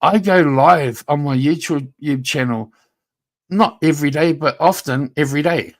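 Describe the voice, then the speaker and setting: A man's voice: fairly high pitch, a little slow. Male streamer mid-rant: confrontational, needling, foul-mouthed, speaks to his rival directly. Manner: confrontational, taunting, profane; talks straight at a rival, repeats himself. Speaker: YouTube livestreamer. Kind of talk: livestream rant.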